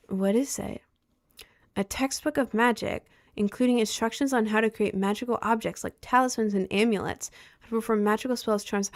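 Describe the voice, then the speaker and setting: Excitable young woman chatting on stream. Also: mid-range voice, moderate pace. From Maryland, United States. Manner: excitable, gushing, reads chat aloud. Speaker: live streamer. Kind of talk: casual live-stream chat.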